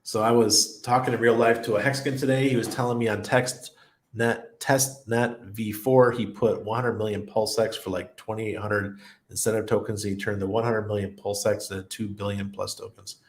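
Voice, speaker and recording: Male streamer, middle-aged, low voice, rambly and laughing, echoey room. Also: level tone, normal speed. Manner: rambling anecdotes, laughs often. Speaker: crypto livestream host. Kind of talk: casual livestream chat, reading viewer comments. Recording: roomy echo.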